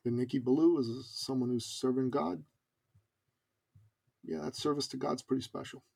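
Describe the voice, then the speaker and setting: A man who coaches businesspeople, telling a story as a guest on a conversational interview with casual fillers and lively asides. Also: medium pitch, normal speed, vocal fry, slightly rough.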